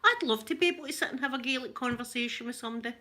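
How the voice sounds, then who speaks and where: A Scottish woman with a rough voice, chatting casually and laughing as she tells stories to viewers on a live stream. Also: on the high side, very fast, bright, forceful tone. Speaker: livestream host chatting with viewers.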